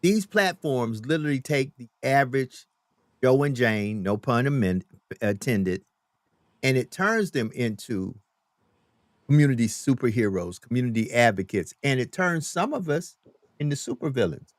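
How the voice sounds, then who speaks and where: A man's voice: mid-range voice, animated, normal speed, no room sound, studio quality. A man hosting a live-stream talk show, preaching emphatically and repeating his lines for effect. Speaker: host.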